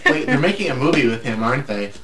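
A man's voice: medium pitch, lively intonation, fast talker, a bit bright. Dry sarcastic man in a roomy space. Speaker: podcast co-host and editor. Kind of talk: casual podcast chat. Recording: roomy echo, faint hiss.

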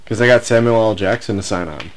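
Male co-host, lower pitch, argumentative explainer, casual swearing. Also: fast. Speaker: podcast co-host. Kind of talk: casual podcast chat.

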